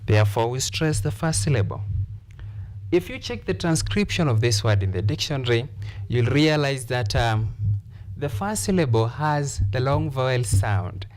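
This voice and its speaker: A man teaching an English lesson on word stress, explaining slowly and repeating key points for his class. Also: medium pitch, lively intonation, darkish tone. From Kenya. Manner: slow, repetitive, deliberate explanation.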